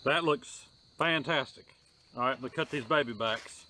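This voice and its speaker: A man's voice: mid-range voice, unhurried, sharp tone, slight background noise. A man hosting a casual outdoor cooking vlog, talking in a folksy, drawling way and saying y'all a lot. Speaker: homestead vlogger. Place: outdoors on a rural homestead.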